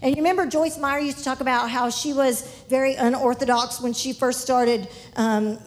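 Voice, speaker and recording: Woman preacher, high voice, lively storytelling sermon. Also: normal speed. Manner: animated, laughing often, rising high when excited.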